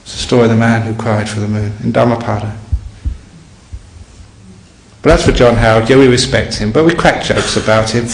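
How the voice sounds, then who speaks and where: A man, a Buddhist monk, giving a dharma talk to a live audience with relaxed storytelling and wry humor. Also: fairly low pitch, a little fast, creaky, pauses often, slight background noise. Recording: echoey hall, faint ambience.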